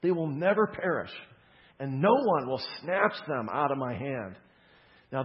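A man preaching a sermon, explaining scripture with emphatic stresses on key words and casual conversational asides. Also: a little high. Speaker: pastor. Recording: dull lo-fi sound with long hall reverb.

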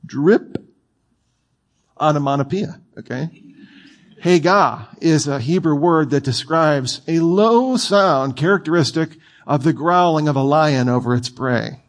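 A man's voice: fairly high pitch, measured pace. A man preaching a sermon in a conversational, playful way, with asides to his listeners.

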